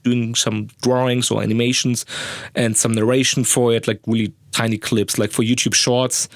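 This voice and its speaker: A man's voice: medium pitch, no echo, clean studio sound. A young man, a podcast host rambling crudely and mocking himself, recorded in a sound booth. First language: German. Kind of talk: casual monologue.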